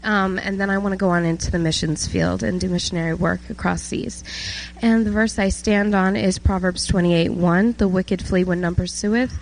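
A woman's voice: medium pitch, steady tone, moderate pace, slight background noise, low-quality recording. Earnest nineteen-year-old woman giving testimony. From South Georgia, USA. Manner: earnest, emotional, many fillers. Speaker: testimony speaker at a church service. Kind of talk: personal testimony. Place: church.

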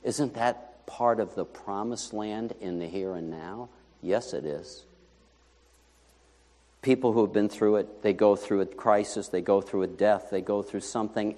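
A man preaching a sermon as pastor, in a conversational, animated way full of rhetorical questions. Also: mid-range voice, in a large hall.

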